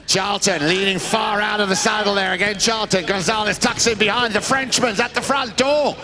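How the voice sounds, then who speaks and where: A man with a high, bright voice calls a polo match live for the crowd. He is chatty and playful, then rises to excited shouts on the big plays. His tone stays lively and sharp throughout. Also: normal speed, few pauses. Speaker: polo commentator. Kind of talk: live sports commentary over a PA. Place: outdoor snow polo ground.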